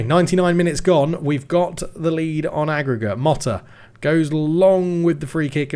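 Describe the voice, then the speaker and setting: A young man giving lively commentary on his football management game, shouting when goals go in. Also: medium pitch. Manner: excitable play-by-play, shouts at goals. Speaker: gaming YouTuber.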